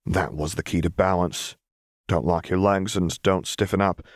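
A man reading a fan-fiction story aloud as narrator, with steady storytelling. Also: low voice, normal speed, dry recording, studio quality. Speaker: audiobook narrator. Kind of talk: scripted narration.

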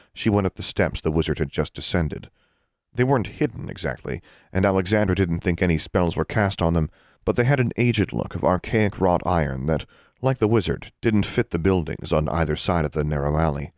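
Male audiobook narrator, very low voice, even and measured, dry booth sound. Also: no echo. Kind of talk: scripted narration.

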